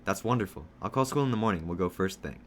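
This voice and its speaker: A man reading a storybook aloud, voicing a worried, gentle father who sounds reassuring and eager. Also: fairly low pitch, animated, quick pace, a little hiss or hum.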